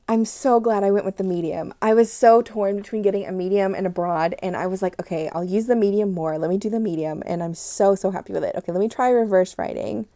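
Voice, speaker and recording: Woman host, casual review vlog, mellow gravelly voice, gushing and excitable. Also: medium pitch, a little fast. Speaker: stationery channel host.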